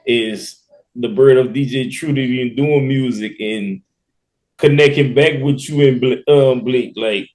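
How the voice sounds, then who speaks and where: A man's voice: mid-range voice, measured pace, a little mellow. A man, co-hosting a podcast in casual talk. He is reflective and laid-back, and laughs between words. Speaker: podcast co-host.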